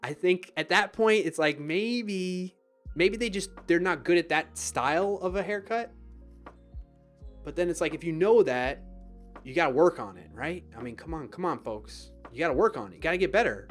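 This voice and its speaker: A man with a somewhat high voice hosts a live stream in a loose, chatty way. He reads out viewer messages and answers them, laughing at himself often. Faint music plays behind him. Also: animated, moderate pace. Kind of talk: casual chat, reading viewer comments aloud.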